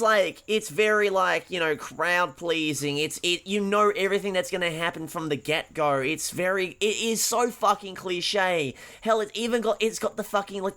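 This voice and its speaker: A man co-hosting a podcast talks through a movie in loose, profane bursts. He keeps restarting his sentences. His voice sits a bit high and rings bright. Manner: animated, profane, halting with many restarts. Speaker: podcast co-host. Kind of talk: casual film-review chat.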